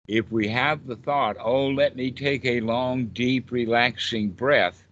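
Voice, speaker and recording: An older man speaks as a meditation teacher in an informal talk, calm and unhurried. His tone stays reassuring throughout. The recording sounds a little dull and lo-fi. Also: medium pitch.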